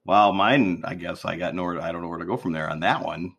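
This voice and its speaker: Deep gravelly grandfather. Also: fast, a bit bright. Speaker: podcast co-host. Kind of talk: casual chat.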